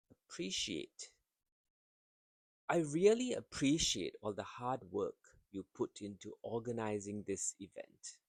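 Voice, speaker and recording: A man teaching English vocabulary, drawing out each word slowly and carefully to show its rhythm and stress. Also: lowish voice, dry recording. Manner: slow, careful, drawn-out pronunciation drills. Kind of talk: vocabulary lesson.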